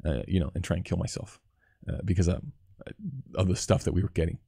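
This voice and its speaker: Profane, candid man with a dark voice. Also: sits low, fairly even intonation, quick pace, gravelly, breathy edge, dry recording, studio quality. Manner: candid, profane, self-critical; answers viewer chat questions. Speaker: cinematographer hosting a live stream. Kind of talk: casual live-stream talk.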